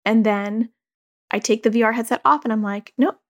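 A woman's voice: a little high, little pitch movement, normal speed, highs cut off. A woman, a parent who hosts a podcast, talking candidly in a loose, conversational way and often saying "like". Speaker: podcast host. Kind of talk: casual reflective parenting talk.

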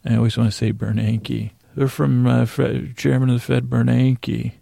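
A man's voice: mid-range voice, flat delivery, moderate pace, vocal fry, mellow, dry recording, clean studio sound. A man hosting a podcast, loosely recapping a TV episode from his handwritten notes, often correcting himself. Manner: loose, meandering, self-correcting. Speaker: podcast host.

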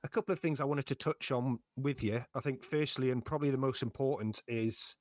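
A man hosting a football podcast, relaxed and casual, with frequent ums. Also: medium pitch, fairly quick, dry recording, clean studio sound. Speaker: podcast host.

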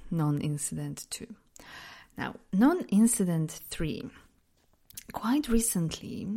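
A woman's voice: fairly low pitch, warm tone. A woman from Poland with an accent that mixes Polish and British, hosting a reflective solo podcast in a candid, self-deprecating way, laughing often. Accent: mixed Polish-British. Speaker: podcast host.

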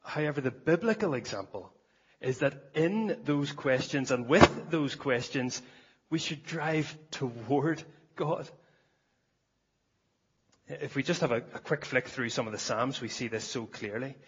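A man's voice: mid-range voice, measured pace, slightly rough, dull audio. A man preaching a sermon at a church service, earnest, often repeating words as he starts a phrase.

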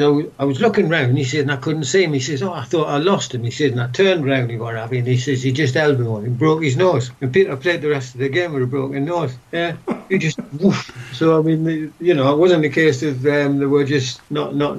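This is a casual reminiscing interview with an older man who used to play football, rambling through past stories with many restarts and plenty of "what have you." His mid-range voice is steady, a little fast and a little mellow, captured with lo-fi sound.

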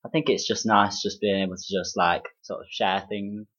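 A woman's voice: a bass voice, fairly even intonation, a little fast, a bit bright, breathy edge, dull audio. A young woman with a Derby accent, chatting casually as a guest and laughing often. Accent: Derby English. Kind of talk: casual chat.

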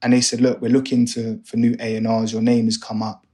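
On an interview podcast, a young guest who manages A&R in music shares his story casually, bringing it to life by imitating the voices of those involved. His pitch is medium and he talks fairly quickly.

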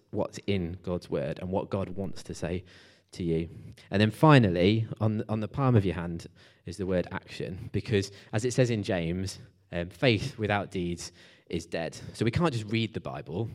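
Guy preaching, pretty low voice, chatty, lots of ums and restarts. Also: darkish tone. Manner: conversational, with fillers and restarts. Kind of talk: sermon.

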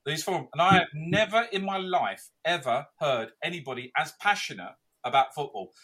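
A man co-hosting a football podcast, telling stories in a sweary, animated way. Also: on the high side, moderate pace. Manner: sweary, animated storytelling with mocking posh voices. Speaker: podcast co-host. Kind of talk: casual football chat.

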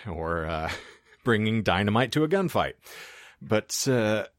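Man, podcast host, casual chat, animated delivery, sarcastic, dry close mic. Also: on the low side, a little slow, dry recording. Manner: wry, sarcastic asides.

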